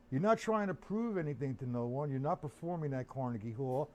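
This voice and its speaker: A man's voice: medium pitch, expressive, brisk, few pauses, darkish tone, slight background noise. A man teaching drums on a live stream, chatting loosely and answering viewers by name. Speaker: drum teacher. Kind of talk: live-streamed drum lesson.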